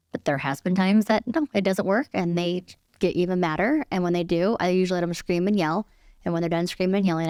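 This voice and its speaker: A woman real estate agent as an interview guest, calm and easygoing as she talks. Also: fairly low pitch, no room sound, clean studio sound. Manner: calm, easygoing, laughs easily. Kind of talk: casual interview chat.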